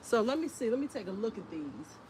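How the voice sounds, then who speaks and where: A woman hosting a casual homestead live stream outdoors, chatting in an unhurried way and greeting viewers by name. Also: fairly high pitch, sing-song, a little mellow. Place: outdoors in a windy garden. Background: faint wind and outdoor ambience.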